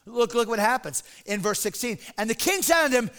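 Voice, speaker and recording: A male pastor preaching a sermon in an animated, dramatic, conversational way. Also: very high-pitched, brisk, hardly any pauses, clear, resonant tone.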